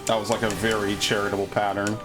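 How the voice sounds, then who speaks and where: A man's voice: on the low side, little pitch movement, quick pace, music in the background. Profane, frustrated male game streamer. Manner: profane, easily frustrated, sarcastic. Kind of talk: live gameplay commentary.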